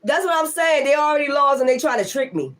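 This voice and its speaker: A woman's voice: sits high, lively intonation, fast. A woman tarot reader holding forth on a casual livestream, blunt and heavy with profanity. She talks with firm emphasis and circles back to the same defiant lines again and again. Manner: defiant, repeats her points.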